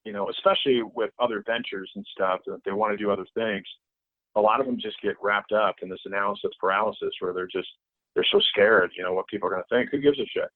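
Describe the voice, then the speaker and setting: A man's voice: fairly low pitch, quick pace, dry recording. A middle-aged man as a podcast guest in casual interview chat, swearing freely and repeating himself as he talks. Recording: tinny phone-like line, dry.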